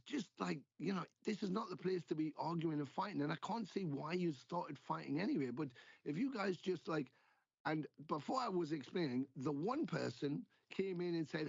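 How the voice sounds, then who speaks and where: A middle-aged man with a gravelly voice that sits a little high, telling stories in a casual interview. He acts out the people he quotes and swears freely. The sound is dry and dull, with no room around it. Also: moderate pace, no echo. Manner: animated storyteller, acting out quoted exchanges, swears freely. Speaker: guest musician.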